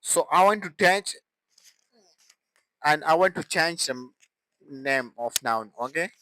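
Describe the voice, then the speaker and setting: Man, grammar lesson, slow halting explanation, raised pitch. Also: expressive, sharp tone, no echo, rough recording. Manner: halting, with restarts and broken phrasing. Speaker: English grammar teacher.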